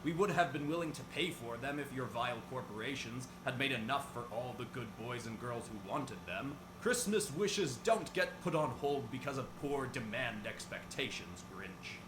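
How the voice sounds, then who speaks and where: Battle-ready Santa, calm and sure of himself, a man reading him in an echoey, noisy room. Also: mid-range voice, normal speed, few pauses, natural voice. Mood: resolute. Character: heroic warrior Santa, calm and confident.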